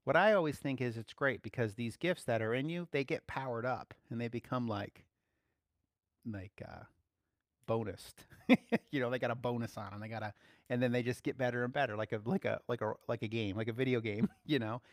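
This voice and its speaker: A man's voice: mid-range voice, a little fast, dry recording, studio quality. A man giving a casual, playful sermon, laughing often as he speaks. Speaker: preacher.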